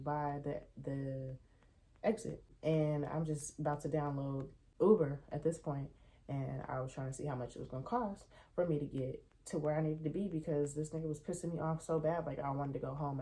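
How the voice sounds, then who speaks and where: A young adult woman with a deep voice tells a casual storytime, animated and venting as she swears freely about what irritated her.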